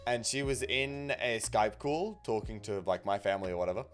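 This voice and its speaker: A chatty Australian man with a lowish voice hosts a live stream, reacting to viewer comments with quick swings in loudness. Soft music plays faintly underneath him. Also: clear, resonant tone. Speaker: stream host. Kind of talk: casual chat on a live stream.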